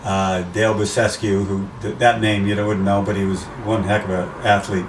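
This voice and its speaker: An older American man, a race announcer, telling animated stories in a casual interview. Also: lowish voice, moderate pace, recorded from a distance. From USA. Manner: animated anecdotes, acts out quoted voices. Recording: roomy, off-mic, faint background noise.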